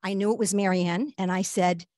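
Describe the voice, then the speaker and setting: A woman guest telling a personal story in an earnest, halting way, with frequent fillers and restarts. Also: medium pitch, fairly even intonation, darkish tone, no echo. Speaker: guest speaker.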